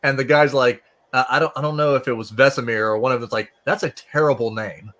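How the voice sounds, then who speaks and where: A man hosting a casual book discussion, retelling scenes and acting out characters in quick voices. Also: medium pitch, fairly bright tone.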